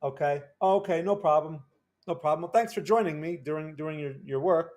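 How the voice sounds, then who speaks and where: A man's voice: fairly high pitch, fairly quick, darkish tone. Chatty man streaming live trades. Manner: chatty, repeats words and tags "right?". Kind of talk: casual live-stream commentary.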